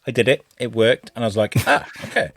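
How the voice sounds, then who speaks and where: A man co-hosting a podcast, telling stories in casual chat, animated and swearing freely. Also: fairly low pitch, fast talker, no echo, clean studio sound. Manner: animated storyteller, swears freely, lively retellings. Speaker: podcast co-host.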